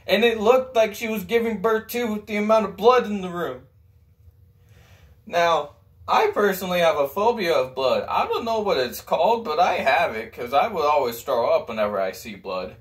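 High-voiced young man telling a story. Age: teens. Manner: storytelling, animated with sudden loud outbursts. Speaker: student actor. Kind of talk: comic monologue performance.

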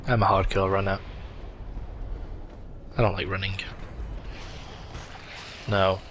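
A man's voice: sits low, flat delivery, slow, a bit bright, a little hiss or hum. A young man giving sardonic, crude gaming commentary, his voice cracking a bit. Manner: sardonic, crude, swears a lot. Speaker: let's play host.

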